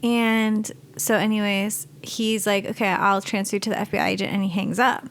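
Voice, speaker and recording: A woman's voice: medium pitch, moderate pace. Podcast co-host, woman in her twenties, casual storyteller, lots of fillers. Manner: animated storytelling with many fillers. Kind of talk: casual chat.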